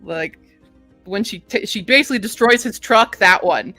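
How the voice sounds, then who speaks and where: A chatty woman hosting a relaxed book review chat. She laughs easily and reads blurbs aloud between asides. Faint music sits underneath. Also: medium pitch, moderate pace. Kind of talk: casual chat.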